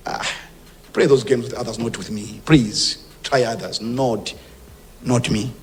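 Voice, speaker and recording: Slowing down a little, this government minister with a Malawian accent uses a medium-pitched voice that trails off into a long reverb tail. His public speech is emphatic and packed with forceful warnings, switching between Chichewa and English.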